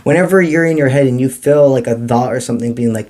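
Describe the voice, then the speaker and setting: A man giving a spiritual tarot reading to camera, talking in a calm, encouraging and mystical way with casual slang. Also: medium pitch, fast. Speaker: tarot reader.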